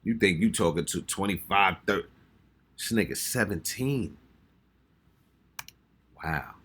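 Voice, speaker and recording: An American man hosts a reaction channel, giving casual music reaction commentary, exclaiming as he reacts and often repeating himself. His low-pitched voice is animated, fairly bright and breathy-edged, at a measured pace.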